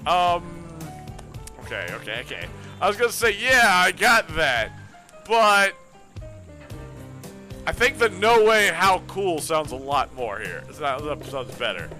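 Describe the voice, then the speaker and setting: Excitable male streamer, higher-pitched, bright and sharp, jokey reactions to the game, faint game music behind. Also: measured pace, long pauses. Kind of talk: reading a dating game aloud on stream.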